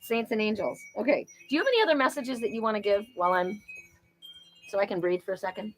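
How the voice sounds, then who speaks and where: A woman hosting a live spiritual card reading, talking in a chatty, animated way with frequent exclamations. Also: mid-range voice, quick pace, a little hiss or hum, low-quality recording. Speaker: oracle card reader and host.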